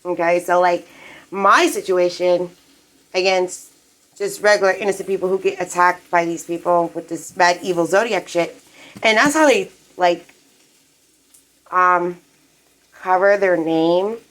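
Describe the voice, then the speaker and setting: A woman's voice: on the low side, fairly even intonation, a little slow, long pauses, a bit bright, poor audio. A woman on a live stream, ranting in a rambling, profane, agitated way from her apartment. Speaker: livestreamer.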